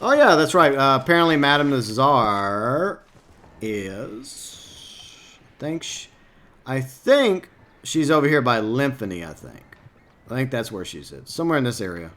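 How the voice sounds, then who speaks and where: A man's voice: mid-range voice, sing-song, a little fast, a bit bright. A man live-streaming a game, rambling casually and answering his viewers by name. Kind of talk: casual gameplay stream commentary.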